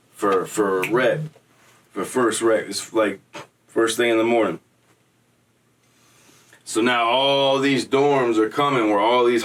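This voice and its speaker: A man's voice: medium pitch, fairly bright tone, recorded from a distance. A man telling a story in a casual, slangy, streetwise way. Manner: slangy, streetwise, acts out quoted voices.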